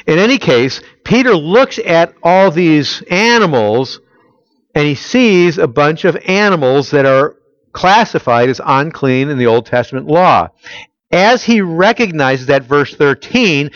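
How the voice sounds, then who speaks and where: A man's voice: fairly high pitch, dull audio. Emphatic man preaching a sermon. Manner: conversational, emphatic, asks the congregation rhetorical questions. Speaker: pastor. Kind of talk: expository sermon.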